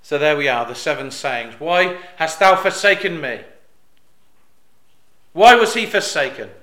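Bright-voiced preacher man in an echoey hall. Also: a little high, expressive, a little slow. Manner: rises to loud emphatic peaks on quoted cries; hesitant with fillers and restarts, drops soft on reflective lines. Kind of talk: sermon.

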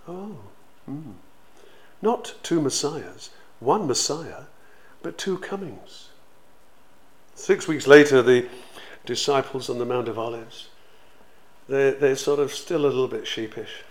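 A man teaching in a sermon, conversational and animated, retelling stories with acted quotes. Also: medium pitch, measured pace, pauses often. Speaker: preacher.

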